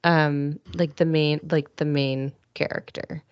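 A woman's voice: low voice, fairly even intonation, takes it slowly, clear, resonant tone, no echo. A woman co-hosting a podcast, talking casually and hesitantly, with many restarts. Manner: hesitant, restarts a lot, chuckles. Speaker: podcast co-host. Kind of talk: casual chat. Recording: dull lo-fi sound, dry.

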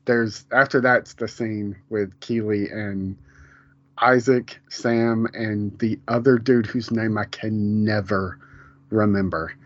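Speaking slowly in a lowish voice with fairly even intonation, this podcast co-host chats casually about a TV show. He rambles, keeps restarting and laughs frequently. The dry audio has the dull, lo-fi feel of a home podcast.

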